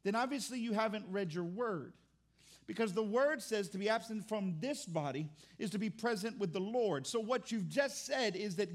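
High-voiced preaching man, drawl. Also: lively intonation, normal speed. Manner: conversational preaching with repeated restarts; acts out churchgoers' complaints in mock voices. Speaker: pastor. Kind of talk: sermon.

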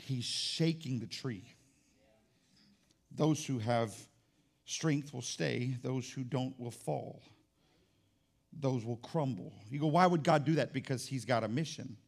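A male pastor preaching a sermon in a church, impassioned, swinging from low and intimate to loud and fervent. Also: slow pace, gravelly, long pauses. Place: church sanctuary.

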